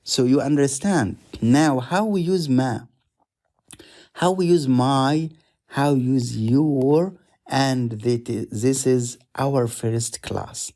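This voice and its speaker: A man's voice: mid-range voice, takes it slowly, dark tone. A man teaching an online lesson in English, patiently repeating each word and drilling it step by step. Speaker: Arabic teacher. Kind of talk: slow explanatory lesson.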